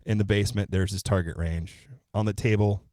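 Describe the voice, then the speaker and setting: A man's voice: fairly low pitch, a little fast, dry recording, clean studio sound. A man co-hosting a podcast, casually retelling a true-crime story step by step, now and then swearing. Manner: relaxed, profane, retells events step by step. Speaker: podcast co-host.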